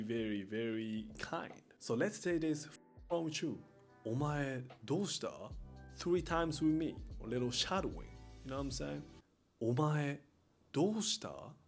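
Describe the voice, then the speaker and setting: A man teaching casual Japanese phrases to camera, speaking in laid-back hood slang. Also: on the high side. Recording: faint lo-fi music behind voice. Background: faint lofi music.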